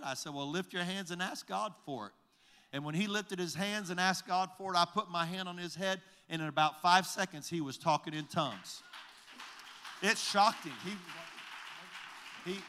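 A male pastor recounts a story from the pulpit, retelling each exchange as "I said, he said" with frequent restarts. His voice sits a bit high for a man and sounds bright and forceful. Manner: halting restarts and repeated words. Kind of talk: storytelling sermon.

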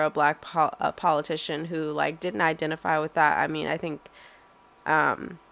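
A woman's voice: sits low, vocal fry, fairly bright tone. A young woman answering interview questions in a thoughtful, hesitant way, full of fillers and restarts.

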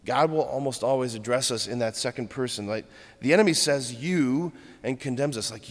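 A man preaching a sermon, earnest and steady, building his points through rhythmic lists. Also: mid-range voice, normal speed. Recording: long hall reverb.

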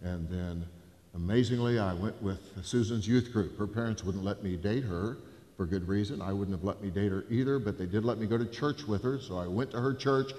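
A man, a pastor telling a story in a sermon, swinging from hushed to loud. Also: lowish voice, a little fast. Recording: reverberant church hall.

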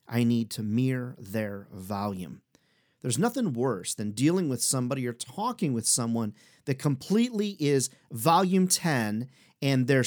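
A man giving an energetic sales training talk, emphatic and direct, acting out short exchanges with clients. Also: mid-range voice. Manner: energetic, emphatic, role-plays clients in quick asides.

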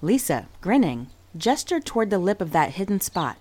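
Lively woman narrating a storybook. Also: medium pitch, moderate pace, husky. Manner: expressive, voicing each character. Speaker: audiobook narrator.

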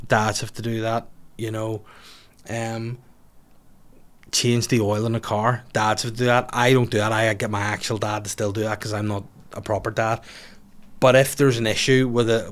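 A man hosting a podcast, telling a rambling comic story with lots of swearing. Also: medium pitch. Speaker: podcast host.

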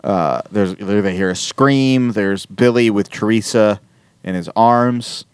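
A man's voice: lowish voice, slow pace, clear, resonant tone, no echo. A man co-hosting a casual podcast, recapping a TV episode in a rambling, profane way and acting out the characters' lines. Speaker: podcast co-host.

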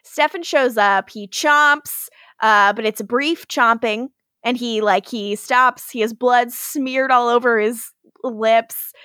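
A woman's voice: on the high side, takes it slowly, pushed and bright, dry recording, clean studio sound. A woman co-hosting a podcast, chatting casually and laughing often as she recaps a show and acts out characters' lines. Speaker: podcast co-host.

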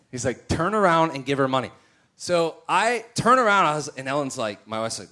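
A male preacher of medium pitch speaks at normal speed, telling stories within his sermon. He's animated and acts out the voices of the people in them.

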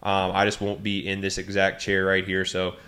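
Young man, podcast host, low voice, flat delivery, relaxed, um-filled casual chat. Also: normal speed. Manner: relaxed, easygoing, frequent ums.

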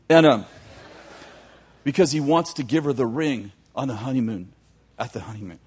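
A man telling a long story in a sermon, animated, with joking asides to his audience. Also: mid-range voice, moderate pace, slightly rough. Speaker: youth teacher.

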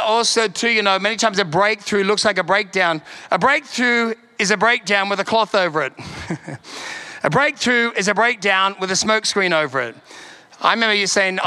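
A man's voice: sits high, bright, forceful tone. A man preaching a sermon as pastor, exhorting with emphatic repetition and laughing between points. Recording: preaching over clear instrumental music.

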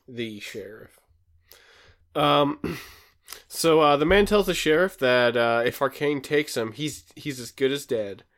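A man's voice: mid-range voice, unhurried, fairly bright tone. A man co-hosting a podcast, casually recapping a TV episode with many fillers. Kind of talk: casual chat.

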